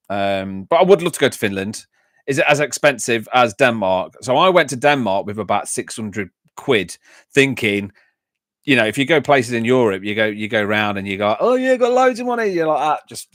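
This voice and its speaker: A man's voice: medium pitch, a bit bright, no echo, clean studio sound. A middle-aged man with an English Midlands accent, chatting casually on a livestream, reading out comments and rambling through anecdotes with frequent laughs. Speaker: YouTube channel host.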